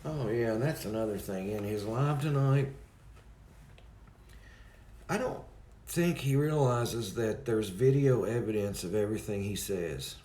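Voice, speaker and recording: A man's voice: fairly low pitch, moderate pace, few pauses, dark tone, reverberant. A man hosting a livestream, chatting casually and rambling as he greets viewers in the chat by name. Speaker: livestream host.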